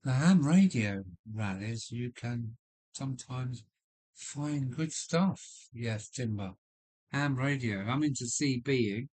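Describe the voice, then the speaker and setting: Man, deep voice, slow unhurried pace, rambling with fillers, casual live-stream chat from a home loft. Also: lively intonation, darkish tone. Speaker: livestream host.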